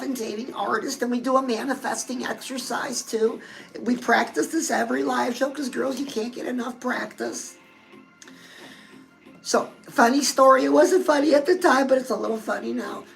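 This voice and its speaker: A woman's voice: fairly high pitch, vocal fry, poor audio. A woman hosting a love and dating advice show, talking casually and confidingly to her listeners. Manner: chatty, confiding, addresses listeners as girl. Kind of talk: casual advice talk to viewers.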